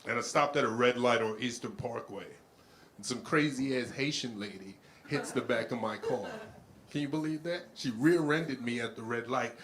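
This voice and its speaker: A male stand-up comedian telling stories on stage in a loud, animated way. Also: medium pitch, a little hiss or hum. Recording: comedy club with a laughing crowd.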